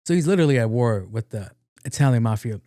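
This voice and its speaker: A man's voice: medium pitch, expressive, fast, dark tone, no echo, clean studio sound. A man hosting a podcast, retelling a story in a loose, slangy, profane way. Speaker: podcast host. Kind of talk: casual film recap storytelling.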